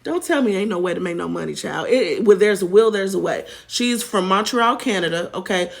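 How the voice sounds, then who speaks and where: A woman's voice: medium pitch, expressive, brisk, vocal fry. A woman hosting a celebrity gossip show, chatty and sassy, calling her viewers child and honey. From United States. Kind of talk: casual celebrity gossip commentary.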